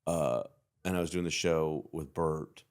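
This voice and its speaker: A man from Texas with a Texan accent, a comedian guest telling rambling, animated anecdotes. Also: rumbling low, a little slow, clean tone. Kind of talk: casual storytelling.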